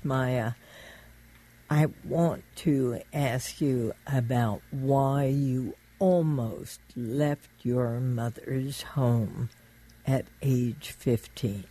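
A radio interview host introducing a guest and leading into questions in a calm way. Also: medium pitch, extremely slow, poor audio. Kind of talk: interview hosting.

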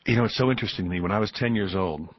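A deep-voiced man in his fifties, from Buffalo, New York, telling animated stories as a guest on a radio show. His voice is husky and low. The sound is dry and a bit dull, like a studio broadcast. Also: rapid-fire, no room sound. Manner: animated storyteller who laughs easily. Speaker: guest author. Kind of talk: radio interview storytelling. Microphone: studio microphone.

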